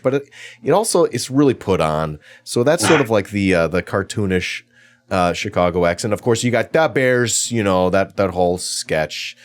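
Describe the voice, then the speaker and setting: A man hosting an interview show, talking in a casual, chatty way and often repeating words as he restarts. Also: low voice.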